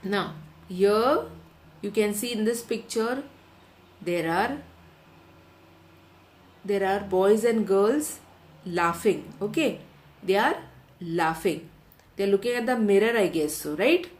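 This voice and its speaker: A woman teaches a class of young students, speaking slowly and spelling out each answer twice. Her voice sits at a middle pitch and carries a roomy echo. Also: expressive, darkish tone, a little hiss or hum. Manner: slow, repeats questions and answers for dictation. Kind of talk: online class lesson for children.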